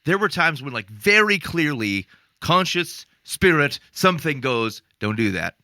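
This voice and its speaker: A man's voice: a little high, sing-song, a little slow, bright, forceful tone, dry recording. A man co-hosting a faith podcast, chatting casually and earnestly, with many restarts. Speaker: podcast co-host. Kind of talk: casual chat.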